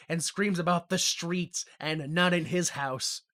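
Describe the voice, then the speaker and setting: High, bright-voiced man recapping wrestling. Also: brisk, few pauses. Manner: laughs while reading the recap. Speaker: podcast host. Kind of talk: casual recap chat.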